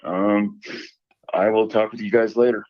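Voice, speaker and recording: A man's voice: on the low side, fairly even intonation, unhurried, no echo. A man telling a story in a casual, rambling way, full of restarts, heard over a tinny line. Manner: rambling, hesitant, with many restarts.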